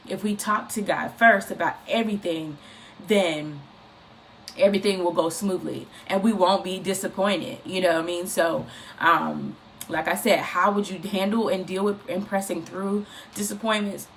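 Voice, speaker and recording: A woman giving an informal, encouraging faith talk, speaking in an animated, repetitive, conversational way. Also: on the low side, normal speed, slight background noise. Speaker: inspirational speaker.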